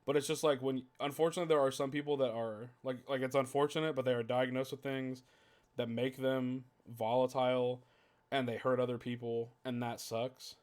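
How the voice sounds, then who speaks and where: A man's voice: mid-range voice, flat delivery, a little fast, darkish tone. A man hosting a casual podcast, ranting heatedly with lots of swearing and "like" fillers. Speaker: podcast host.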